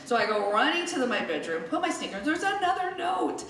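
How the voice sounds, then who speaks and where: Middle-aged woman telling a story live, chatty and animated, pitch all over the place, echoey room, mic far off. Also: fairly quick. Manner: animated, chatty, acts out the people in her story. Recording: echoey room, mic at a distance, faint noise.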